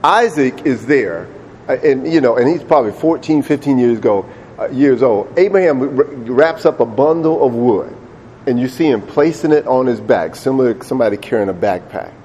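Brief: male preacher, sermon storytelling, mellow tone, mid-range voice, casual and repetitive when emphatic. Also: medium pitch, lively intonation, moderate pace, highs cut off, slight background noise. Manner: conversational storytelling, repeats words when emphatic.

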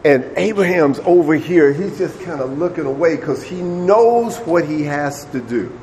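A man's voice: fairly high pitch, lively intonation, measured pace, darkish tone, slight background noise. A man preaching a sermon, retelling a story in a conversational way and repeating words when he gets emphatic.

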